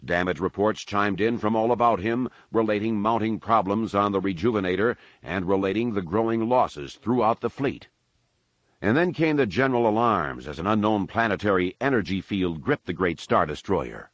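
A man giving scripted audiobook narration in a measured, dramatic reading. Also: on the low side, animated, no room sound.

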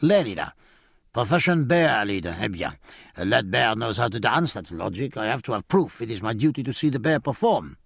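A man's voice: mid-range voice, very animated, brisk, gravelly, husky, no room sound, clean studio sound, full character voice. A man voicing an officious, blustering gendarme sergeant. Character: pompous French gendarme sergeant, officious, leering.

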